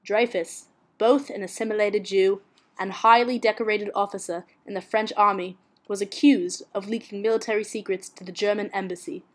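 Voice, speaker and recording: A woman's voice: mid-range voice, moderate pace. Woman narrating a history project. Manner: steady, read-aloud delivery.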